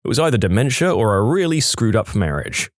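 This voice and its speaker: A man reading reddit stories aloud, telling them with lively storytelling and brief put-on voices for quotes. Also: on the low side, brisk, dry recording, studio quality. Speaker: story narrator.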